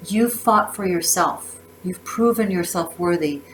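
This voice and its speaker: A woman's voice: lowish voice, measured pace, a little hiss or hum, rough recording. A woman giving a casual tarot reading, effusive and emotional, often restarting her words. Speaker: tarot reader.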